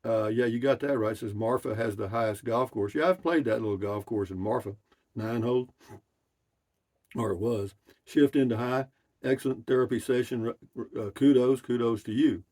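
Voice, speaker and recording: A man's voice: mid-range voice, normal speed, a little mellow. An older man, casually reading out and answering viewer comments in a folksy, rambling way. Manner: rambling and folksy, drawling with slangy asides.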